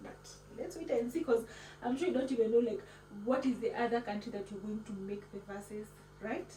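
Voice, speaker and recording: A woman hosts a casual cooking vlog. She talks in a chatty, playful way with a fairly high voice and slips words into her English. The recording is roomy and picks her up from across the kitchen, with clear background noise. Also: a little fast, mellow. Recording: echoey room, mic at a distance, background noise.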